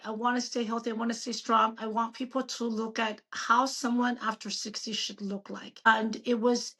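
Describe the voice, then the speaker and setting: A woman in her fifties, a doctor chatting as a guest in an interview, telling stories in an animated, emphatic way. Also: on the high side. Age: 50s. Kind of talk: casual interview chat.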